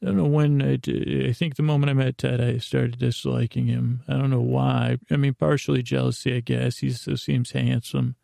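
A man hosts a sleepy bedtime podcast, drifting through a meandering recap full of hesitations and asides. His low, mellow voice is thick with gravelly fry and stays nearly monotone. The recording is close and dry. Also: no room sound. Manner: drowsy, unhurried. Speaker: podcast host.

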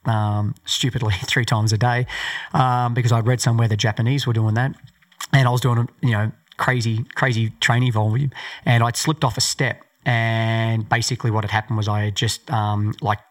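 A man's voice: mid-range voice, flat delivery, normal speed. Casting note: middle-aged Australian man, mid-range voice, rambling and filler-heavy, podcast guest recounting a race. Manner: loose, rambling storytelling with many fillers. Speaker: guest, former Olympic marathon runner. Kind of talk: podcast interview storytelling.

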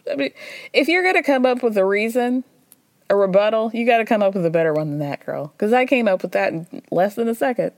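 A woman's voice: mid-range voice, expressive, fast, dry recording. Gossipy woman podcast host, dry close mic. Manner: gossipy storytelling, acting out quotes with laughs. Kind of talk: casual reality TV recap.

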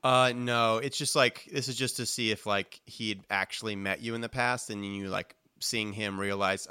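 A man's voice: lowish voice, fairly even intonation, moderate pace, few pauses, sharp tone, clean tone. A man narrating a tabletop game as game master, chatty and jokey. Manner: chatty, jokey, trails off with ums.

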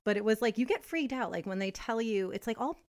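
A young adult woman co-hosting a casual podcast, telling a story in an animated way and laughing often. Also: fairly high pitch, fast talker, over a noisy crowd. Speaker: podcast co-host. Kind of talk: casual chat.

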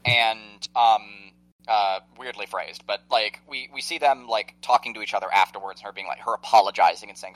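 A man's voice: lowish voice, moderate pace, fairly bright tone, no echo, low-quality recording. A man co-hosting a podcast, talking through a film plot in a rambling, hesitant way. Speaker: podcast co-host. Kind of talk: casual film discussion.

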